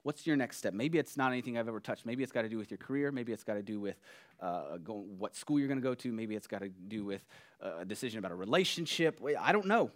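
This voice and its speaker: Male pastor preaching, earnest and chatty, soft then emphatic. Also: fairly low pitch, expressive, quick pace. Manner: earnest, conversational, swings between soft and emphatic. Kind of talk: sermon.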